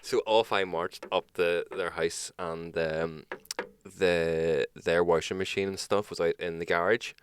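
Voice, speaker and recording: A man's voice: deep voice, steady tone, unhurried, clear, resonant tone. A young adult man with a Northern Irish accent, co-hosting a casual podcast, telling stories and ranting bluntly with constant swearing. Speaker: podcast co-host. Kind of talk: casual chat, storytelling.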